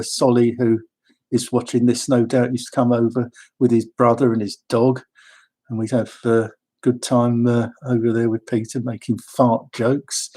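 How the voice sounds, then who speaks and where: A man tells rambling personal stories with wry asides. His voice is mellow and soft-edged, a little husky. He speaks at a middling pitch. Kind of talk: casual personal storytelling.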